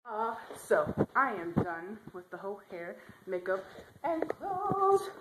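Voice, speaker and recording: A woman's voice: medium pitch, big pitch swings, slow pace, background noise. A young woman vlogging casually at home on a handheld camera, chatty, giggly and rambling. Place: house, indoors.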